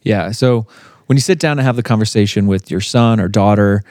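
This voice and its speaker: A man in his thirties co-hosting a faith podcast, telling a family story in a relaxed way with fillers and laughs. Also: lowish voice, fairly quick, dry recording, clean studio sound. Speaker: podcast co-host. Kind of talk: casual faith podcast chat.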